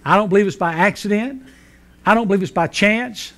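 Folksy, high-voiced preacher. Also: male voice, a little fast, fairly bright tone. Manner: folksy, joking storyteller with frequent fillers. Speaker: pastor. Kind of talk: sermon. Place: church sanctuary.

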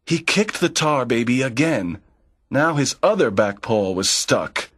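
A man reads a folk tale aloud slowly, in a measured way meant for learners. His voice is a little husky. The sound is dry and close, with no room around it. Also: mid-range voice, big pitch swings, a bit bright, no echo. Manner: clear, measured storytelling. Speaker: narrator of a graded reader. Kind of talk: slow scripted narration for learners.

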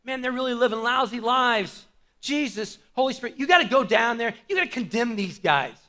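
Pastor voicing a fed-up male deity, high and bright, offhand. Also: animated, a little fast, exaggerated voice. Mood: exasperated. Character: exasperated male God voice in a sermon aside.

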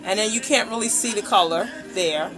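In a poor-quality clip with music playing, a woman with a mid-range voice speaks at a moderate pace. She's a nail polish brand ambassador hosting a casual live unboxing stream from a table at home, gushing over every item and greeting viewers by name, all picked up by her tablet's camera mic.

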